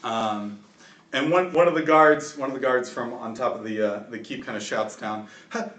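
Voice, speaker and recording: A man narrating as game master of a tabletop game, lively and halting with fillers, recorded in an echoey room from a distant mic with faint noise. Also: medium pitch.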